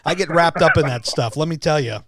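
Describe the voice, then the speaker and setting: A man hosting a podcast in casual chat, enthusiastic and quick to laugh, sometimes tripping over his words. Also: a little high, a bit bright, slight background noise. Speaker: podcast host.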